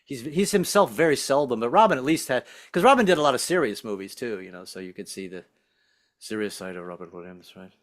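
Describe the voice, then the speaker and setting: A man doing a rambling stand-up comedy set over a video call, slipping into quick impressions. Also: medium pitch, expressive.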